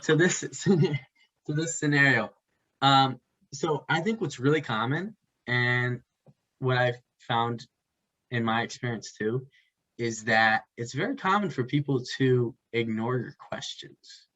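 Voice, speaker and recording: A man co-hosts a relaxed advice conversation, often pausing and restarting as he works out what to say. His voice sits in an ordinary middle register. The recording is slightly dull and muffled. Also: mid-range voice. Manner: halting, searching for words mid-sentence. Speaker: podcast co-host. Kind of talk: casual advice chat. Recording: dull lo-fi sound.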